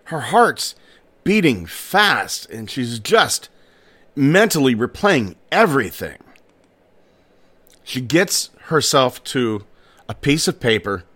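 A man's voice: medium pitch, big pitch swings, takes it slowly, long pauses, pushed and bright. A man hosting a strange-stories podcast, telling a tale in a casual way with personal asides. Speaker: podcast host. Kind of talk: casual storytelling narration.

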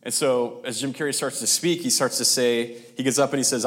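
A man's voice: mid-range voice, a bit bright. Man preaching a story-driven sermon. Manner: storytelling, with pauses and restarts, dropping to near-whispers.

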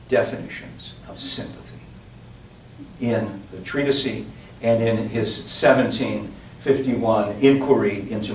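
Man lecturing in an echoey room. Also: lowish voice. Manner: digressive, chatty, frequent restarts and asides. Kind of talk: public lecture. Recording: roomy echo, distant mic, faint hiss.

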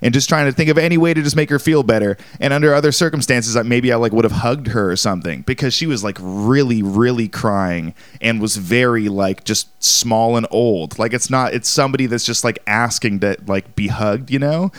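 Casual male storyteller with a smooth, middle-pitched voice; rambles and says "like" constantly. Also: a little fast, few pauses, no echo. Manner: rambling, heavy use of "like".

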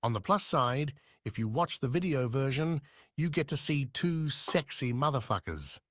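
A man's voice: medium pitch, lively intonation, moderate pace, fairly bright tone, no room sound, studio quality. A man reading a scripted podcast disclaimer in a mock-serious announcer manner.

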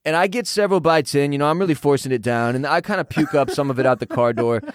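A man in his thirties, a podcast co-host, telling a story in casual chat, animated and profane, laughing as he goes. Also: on the high side, fast talker, dry recording, studio quality.

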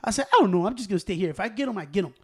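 A young man spins a profane, animated story for his friends, cursing freely and laughing as he goes. His voice sits high for a man. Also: rapid-fire, breathy edge. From Hispanic American.

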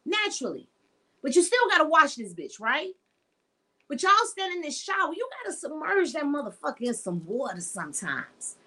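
Middle-aged woman, podcast host, blunt and profane, with a high, bright voice. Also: sing-song, moderate pace. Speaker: podcast host and sex educator. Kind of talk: unscripted monologue podcast.

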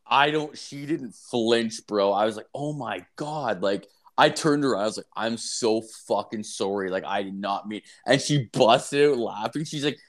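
A man's voice: mid-range voice, normal speed, few pauses. A young man co-hosting a podcast in casual chat, telling crude stories with heavy swearing and filler words. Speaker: podcast co-host.

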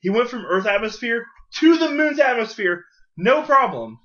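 A man's voice: very high-pitched, sing-song, moderate pace, highs cut off, crowd noise. A man co-hosting a casual movie podcast, arguing bluntly and repeating his points. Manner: argumentative, blunt, repeats himself. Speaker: podcast co-host. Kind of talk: casual movie-review chat.

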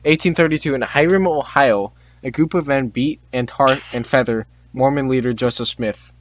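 A teenage boy hosts a casual podcast chat in a medium-pitched voice at a moderate pace. He reads out on-this-day facts, stumbles over names, and tosses in joking asides.

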